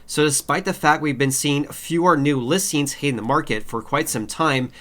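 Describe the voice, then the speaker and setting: A man's voice: a little high, normal speed, fairly bright tone. A man with a cold and a nasal voice, hosting a video that explains market trends in casual talk to camera, with frequent fillers and key figures repeated. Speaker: housing market video host.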